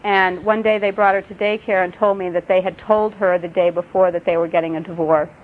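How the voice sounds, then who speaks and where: A middle-aged woman gives a parenting workshop, telling stories in a gentle, earnest way. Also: fairly low pitch, steady tone, brisk. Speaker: workshop presenter. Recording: dull lo-fi webcast audio, faint noise.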